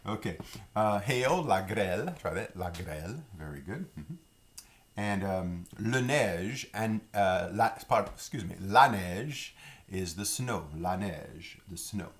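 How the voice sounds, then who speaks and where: A man's voice: low-pitched, lively intonation, a little slow. A middle-aged man from Louisiana teaching French vocabulary in a casual spoken lesson, patiently repeating words for learners to echo. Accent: Louisiana French speaker.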